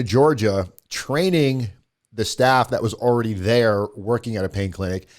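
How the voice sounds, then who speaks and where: A man, a guest on a show, casually retelling a personal story and quoting what others said along the way. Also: lowish voice. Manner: conversational, quotes others in the retelling, frequent restarts. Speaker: guest telling his story.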